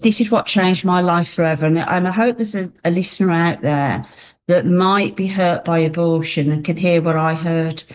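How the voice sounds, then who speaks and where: A woman's voice: lowish voice, a little mellow, dull audio. A woman giving a heartfelt personal testimony as an interview guest, speaking earnestly and often restarting her sentences.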